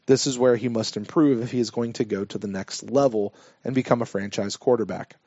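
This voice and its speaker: A man co-hosting a sports podcast, reading listener emails aloud and giving his take in a measured, self-deprecating way. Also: mid-range voice, steady tone, mellow, dry recording. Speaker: podcast co-host. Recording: dull, dry lo-fi podcast audio.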